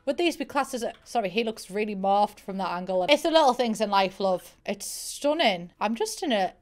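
A woman's voice: medium pitch, expressive, moderate pace. A young woman from Middlesbrough with a Teesside accent, chatting playfully and full of exclamations while she reviews game builds for her stream. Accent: Teesside English. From Middlesbrough, England. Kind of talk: casual game commentary.

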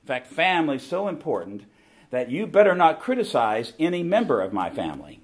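A man's voice: fairly high pitch, wildly swooping pitch, a little fast, slightly rough. A middle-aged man with a Southern American accent, giving an emphatic preaching talk and repeating his key phrases. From southern United States. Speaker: conference speaker.

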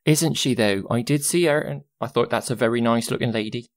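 A man's voice: mid-range voice, brisk, close to an everyday voice. A man voicing a chatty, motherly female housekeeper, fussy and familiar. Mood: gossipy. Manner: fussy, familiar, calls people darling.

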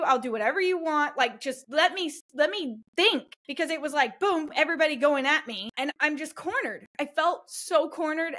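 A woman with a slightly high voice talks casually about her kennel. She sounds defensive and emphatic as she tells the story, and she acts out the other people's lines as she goes. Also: fairly bright tone. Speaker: dog breeder. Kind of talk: casual monologue answering questions.

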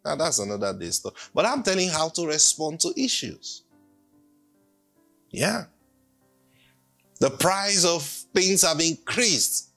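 A man's voice: on the high side, big pitch swings, takes it slowly, long pauses, sharp tone. A man preaching an emphatic sermon and leading the congregation in call-and-response. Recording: faint music behind.

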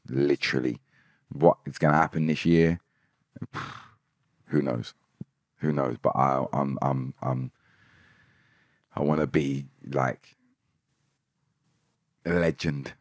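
With a rumbling low voice, a male musician guest on a podcast speaks emphatically, returning again and again to phrases like "hundred percent." The recording is dry and studio-clean.

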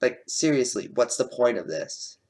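A man's voice: mid-range voice, big pitch swings, normal speed, a little mellow. A man giving casual, sarcastic commentary while reacting to video clips, with lots of filler words.

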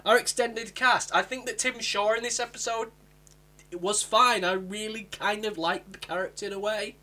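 A young man from England chats through a TV episode review in a bright, forceful voice pitched a little high. He is animated and keeps breaking into sudden high-pitched impressions of the characters. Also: moderate pace. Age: young adult. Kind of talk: casual review vlog.

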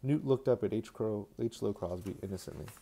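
A man's voice: on the low side, a little fast, vocal fry, warm tone. A man doing a casual fan reading of a novel, tossing in joking asides and restarting words. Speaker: fan reader.

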